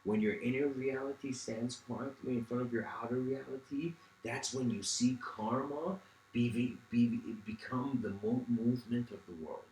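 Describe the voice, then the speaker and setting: A man's voice: mid-range voice, normal speed, darkish tone, echoey room, a little hiss or hum, poor audio. A man giving a reflective livestreamed lecture. He meanders, restarts often and says "you know" a lot.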